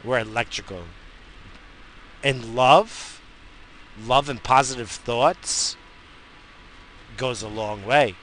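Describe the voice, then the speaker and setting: A man's voice: medium pitch, slow pace, long pauses, a bit bright, slight background noise, poor audio. A man hosting a solo podcast, rambling in a crude, profane and self-mocking way. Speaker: podcast host.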